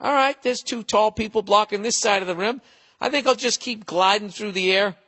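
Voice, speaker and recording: A man voicing the unhurried inner monologue of a cocky male basketball star floating through the air. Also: high-pitched, a bit bright, voice pushed up. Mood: leisurely.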